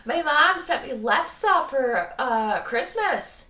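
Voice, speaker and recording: A woman's voice: high voice, expressive, slow, bright, forceful tone, recorded from a distance. A woman with an Upper Midwest American accent hosting a podcast in a giggly, rambling casual chat full of "like". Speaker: podcast host. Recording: roomy, a little off-mic.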